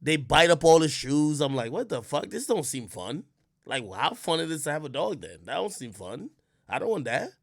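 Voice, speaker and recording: A man from Jamaica talking casually on his livestream, telling stories with loud outbursts and quiet mutters, and swearing a lot. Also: fairly high pitch, moderate pace, gravelly, dry recording, studio quality. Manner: animated storytelling, swings between loud outbursts and mutters; swears often. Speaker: livestream host.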